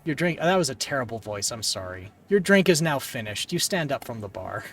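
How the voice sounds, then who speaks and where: Animated male streamer reading a game. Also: medium pitch, a little fast, slightly rough, recorded from a distance, soft background music. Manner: animated, joking. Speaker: streamer playing a text game. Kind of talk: reading game narration aloud with asides.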